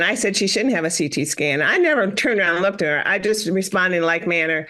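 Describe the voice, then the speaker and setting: Animated woman physician telling stories. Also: on the low side, fairly quick, hardly any pauses. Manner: animated storytelling, acts out quoted exchanges. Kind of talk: podcast conversation.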